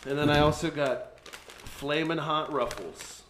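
A man chatting casually as a podcast co-host, an animated storyteller who laughs as he talks. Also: on the high side, measured pace, a little hiss or hum. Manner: animated storyteller, laughing through his anecdotes. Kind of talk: casual chat. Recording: roomy echoey room.

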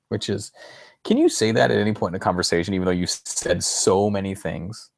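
A man's voice: fairly low pitch, moderate pace, vocal fry, no echo. A man co-hosting a podcast in casual chat, rambling, restarting his sentences and chuckling often. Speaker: podcast co-host.

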